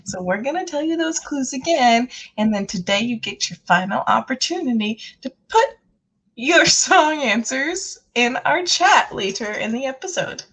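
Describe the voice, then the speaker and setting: High, lively, husky-voiced giggling woman. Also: normal speed. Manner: giggly, laughs often, upbeat. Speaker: co-host of a morning show. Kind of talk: casual chat.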